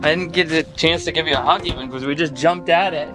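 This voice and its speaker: An upbeat man with a fairly high voice chats and jokes while hosting a vlog from a boat on a lake. Clear background music plays under his talk. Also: fast. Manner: enthusiastic, jokey, chatty. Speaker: vlogger, channel host. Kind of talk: casual upbeat vlog chat.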